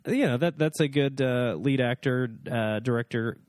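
A man's voice: mid-range voice, normal speed, darkish tone, no echo, clean studio sound. A man co-hosting a podcast in casual chat, playful and punning, with lots of fillers. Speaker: podcast co-host.

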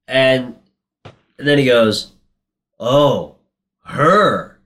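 A man's voice: medium pitch, fairly even intonation, slow pace, long pauses, a bit bright. A man in casual chat, recapping a movie in a rambling, profane way and acting out its lines. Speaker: podcast co-host recapping a movie.

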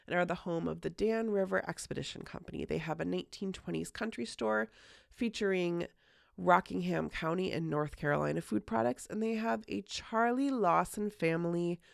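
A woman's voice: on the low side, normal speed, gravelly, dry recording, studio quality. A woman hosting a podcast, telling a story in casual chat, full of "like" fillers and casual swearing. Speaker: podcast host.

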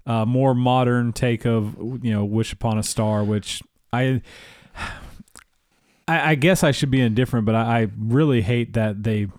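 Opinionated dude on a podcast, blunt, super dry mic. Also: male voice, mid-range voice, fairly even intonation, moderate pace, darkish tone, no echo. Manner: blunt, opinionated, laughs at his own jabs. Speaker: podcast co-host. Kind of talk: casual chat.

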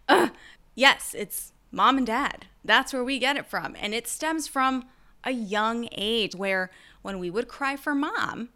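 A woman hosting a casual solo podcast, chatty and animated, often acting out people's lines in playful voices. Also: a little high. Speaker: podcast host.

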